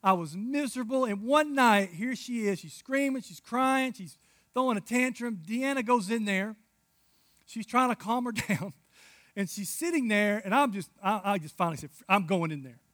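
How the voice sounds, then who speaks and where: A man in his thirties preaching a sermon, telling stories with big swings from hushed asides to loud outbursts. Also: high-pitched, animated, moderate pace, no echo, clean studio sound. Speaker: pastor.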